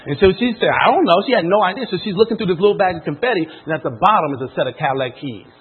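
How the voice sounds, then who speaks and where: A man telling a story to a live audience as a motivational speaker, animated and acting out the people in it. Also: high-pitched, racing, husky, phone-quality sound. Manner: animated storyteller, acts out quoted voices.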